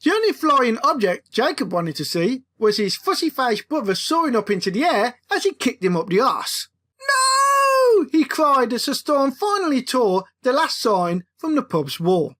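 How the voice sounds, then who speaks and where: Woman author, playful comic audiobook reading, higher voice, very lively. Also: normal speed, hardly any pauses. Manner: expressive, playful. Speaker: author reading her own book.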